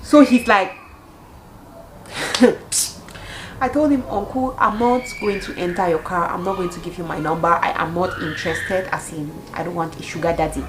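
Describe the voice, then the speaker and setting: A young woman from Cameroon in her twenties, telling a storytime vlog with animated storytelling and bursts of laughter. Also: fairly low pitch, normal speed, noisy background. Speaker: vlogger.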